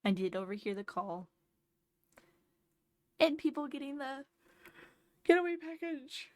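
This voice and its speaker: A woman's voice: high-pitched, lively intonation, unhurried, a little mellow, no room sound. A tired woman streamer chatting casually while playing a game, thinking aloud and explaining tips. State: sleepy. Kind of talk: casual gameplay commentary.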